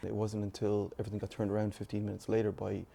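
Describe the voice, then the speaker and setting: A man's voice: lowish voice, completely flat delivery, fast talker, gravelly, mellow. A man in a documentary interview, recounting events in a plain, matter-of-fact way.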